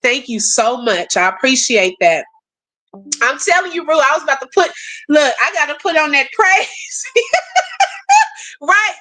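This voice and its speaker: A woman hosting a casual livestream, reading viewer messages aloud and answering them in an animated, prayerful and emotional way. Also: high voice, measured pace, pauses often. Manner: animated, laughs often, calls viewers sis and y'all. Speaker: livestream host. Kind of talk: casual live chat with viewers.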